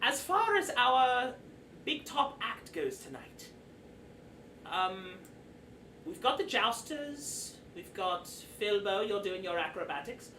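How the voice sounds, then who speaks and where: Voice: mid-range voice, sing-song, slow pace, bright, forceful tone, full character voice. A game master doing a weary old carnival master. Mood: announcing. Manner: showman announcing to staff. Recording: roomy distant mic with faint noise.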